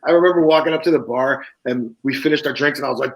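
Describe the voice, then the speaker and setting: A man's voice: fairly high pitch, steady tone, fast talker, hardly any pauses, low-quality recording. A man telling a raw personal story on a casual talk show, swearing often, laughing, and acting out the other people in it. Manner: profane, laughing, acts out quoted voices. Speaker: guest author.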